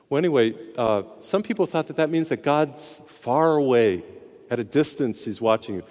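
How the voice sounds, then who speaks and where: A man's voice: medium pitch, very animated, moderate pace, darkish tone. A man, a priest, giving a sermon in a conversational, storytelling way, sometimes emphatic, in a large reverberant hall.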